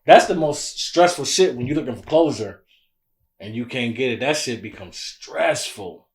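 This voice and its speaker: Animated profane man hosting a podcast. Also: medium pitch, moderate pace. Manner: animated, loose and profane, many "you know what I'm saying". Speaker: podcast host. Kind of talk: casual podcast chat.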